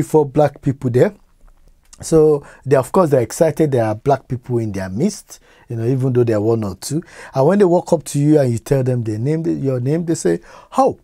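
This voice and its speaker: Earnest Nigerian-British man, mellow higher voice, dry close sound; emphatic live-stream interview guest. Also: no echo. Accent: Nigerian-British English. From England. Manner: earnest, emphatic, repeats words when starting. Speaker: interview guest, community organizer.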